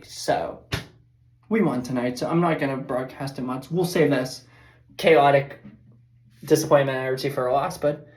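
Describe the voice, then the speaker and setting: Low-voiced woman ranting baseball recap. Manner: rambling, fired-up, frank. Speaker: baseball fan podcaster. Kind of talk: casual game recap. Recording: echoey room.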